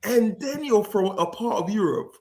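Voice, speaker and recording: A man's voice: high voice, lively intonation, moderate pace, a little mellow. A man, co-hosting a football podcast with teasing, joking banter. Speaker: podcast co-host. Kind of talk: casual football chat.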